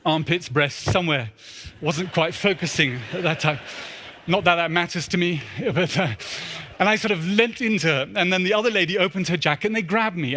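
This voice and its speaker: A man giving a storytelling talk to an audience in a large church, animated and a little out of breath, acting out his own pleading voices. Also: a little high. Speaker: speaker at a symposium.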